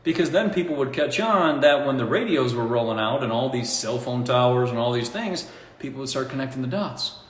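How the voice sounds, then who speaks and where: A man talking in a casual, rambling monologue, animated and mocking, often breaking into laughter at his own points. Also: medium pitch, fairly quick. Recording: echoey room with long reverb.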